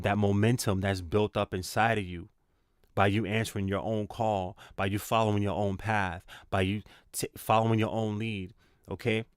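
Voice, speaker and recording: A man's voice: fairly low pitch, no room sound, clean studio sound. A man giving a spiritual tarot reading in a casual, slangy, encouraging way, repeating himself for emphasis. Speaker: tarot reader.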